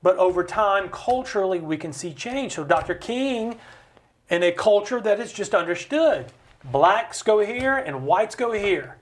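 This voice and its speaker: A man leads a studio conversation. His voice sits high for a man, and he talks in an emphatic, preacher-like way. He acts out the quotes he cites. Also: animated, unhurried. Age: 50s. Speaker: host. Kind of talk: conversational podcast talk, preaching-style. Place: recording studio.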